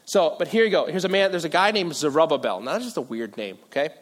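A man's voice: fairly high pitch, lively intonation, fast talker. A male pastor preaching a sermon in a casual, joking way, with self-deprecating asides. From Philippines. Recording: long reverb of a large hall.

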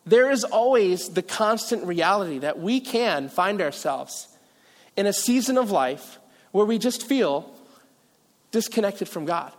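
A man with a high voice preaches a sermon as a pastor, chatty and joking, poking fun at himself between points. His voice rings out with a long reverb, as if in a large hall. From Philippines. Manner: casual, joking, self-deprecating asides.

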